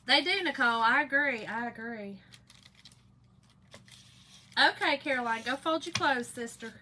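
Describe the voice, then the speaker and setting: Woman, folksy livestream host, calls everyone girl and y'all, slightly high voice, room noise behind. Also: unhurried, sharp tone. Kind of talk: casual livestream chat reading comments.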